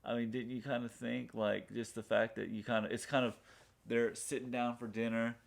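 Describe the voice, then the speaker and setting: Male podcast co-host, mid-pitched voice, rambling and filler-heavy recap, acts out lines. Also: little pitch movement, normal speed, vocal fry. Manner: rambling retelling full of fillers, acting out lines from the show. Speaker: podcast co-host reviewing a TV pilot. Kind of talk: casual chat.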